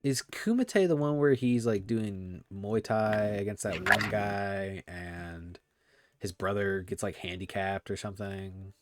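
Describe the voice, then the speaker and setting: A man with a somewhat low voice hosts a casual movie podcast. He rambles along with plenty of filler words and loose, friendly phrasing. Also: unhurried, very noisy. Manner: rambling, filler-heavy, laughs often. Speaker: podcast host.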